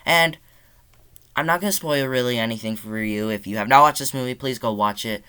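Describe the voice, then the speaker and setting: A young man excitedly reviewing a horror movie from his bedroom, rambling, swearing often and filling his talk with "like". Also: medium pitch, a little fast, clear, resonant tone. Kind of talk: casual review monologue.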